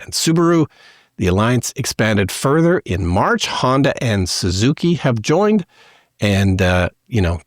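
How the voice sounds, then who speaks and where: A man's voice: lowish voice, dry recording. Canadian man hosting, dry close sound. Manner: relaxed, reads news with many fillers. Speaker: podcast co-host. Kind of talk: casual news discussion.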